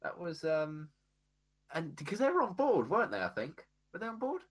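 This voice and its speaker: Animated male co-host, joking casual chat. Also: fairly high pitch, normal speed.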